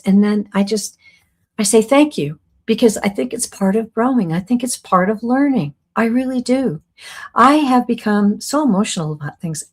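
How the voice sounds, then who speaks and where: A middle-aged woman hosting a live-streamed class as a psychic medium, talking earnestly and rambling a little, reading out viewer comments with soft laughs. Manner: warm, earnest, rambling, with soft laughs and lively pitch swings.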